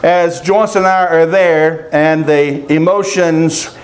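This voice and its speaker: An older man preaching a sermon, telling personal stories of loss in a halting, emotional way with long pauses. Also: a little high, steady tone. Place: outdoor family encampment gathering.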